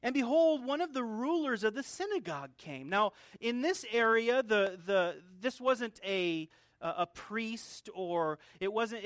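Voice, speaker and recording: A man's voice: high-pitched, a bit bright, no room sound, studio quality. A male pastor preaching an expository sermon in an earnest teaching manner, often restarting and repeating words. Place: church.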